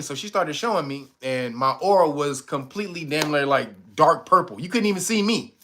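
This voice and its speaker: A man's voice: on the high side, expressive, a little fast, hardly any pauses, sharp tone. A man hosting a livestream, telling a casual, profane story and laughing often. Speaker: livestream host.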